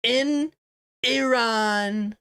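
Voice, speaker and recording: A man putting on an impression of a brash, blustering older male politician, drawing out his words slowly and emphatically. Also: very high voice, vocal fry, pushed and bright, clear, resonant tone, voice pushed up, exaggerated voice. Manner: slow, drawn-out, emphatic delivery.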